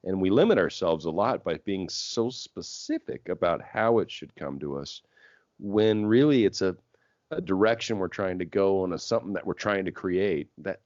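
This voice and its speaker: A man's voice: low voice, expressive, moderate pace, darkish tone, no room sound. A man hosting a talk show, reflectively explaining an idea to his guest in a coaching tone. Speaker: radio show host. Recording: dry, dull lo-fi audio.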